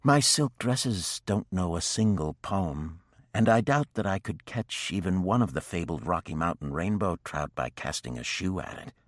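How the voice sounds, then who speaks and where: A male audiobook narrator voicing a spirited, teasing young noblewoman with tart, quick-witted replies. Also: sits low, lively intonation, no echo, studio quality. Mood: wry.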